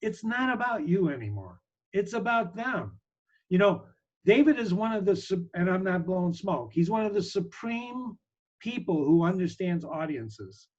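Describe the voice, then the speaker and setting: A man's voice: high voice, sing-song, normal speed, muffled recording. A man in an interview, speaking as a business strategist in an emphatic, persuasive, public-speaker manner. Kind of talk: interview talk.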